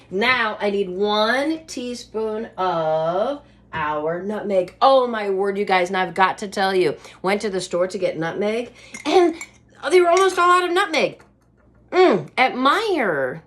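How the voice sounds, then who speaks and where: A bubbly woman hosts a cooking video from her home kitchen. She talks straight to her viewers with a chatty manner and laughs often. Her voice sits at an ordinary middle pitch. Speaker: cooking show host.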